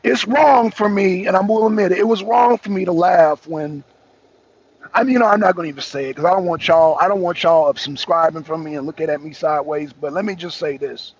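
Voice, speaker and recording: High-voiced husky man riffing casually. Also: fairly quick. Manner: rambling, repeats himself, laughs often, speaks slang. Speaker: talk show host. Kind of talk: casual political commentary to viewers. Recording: dull lo-fi recording.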